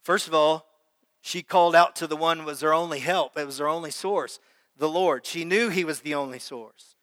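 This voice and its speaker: A man's voice: fairly high pitch, moderate pace, a bit bright. A man preaching a sermon as pastor, talking conversationally and putting questions to his congregation. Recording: long hall reverb.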